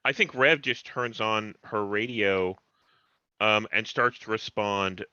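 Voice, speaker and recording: A man playing a tabletop game, describing a scene quickly over an online call. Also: lowish voice, sharp tone, clear, resonant tone, no room sound. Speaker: player. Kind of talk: casual tabletop play. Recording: dull, lo-fi online call mic.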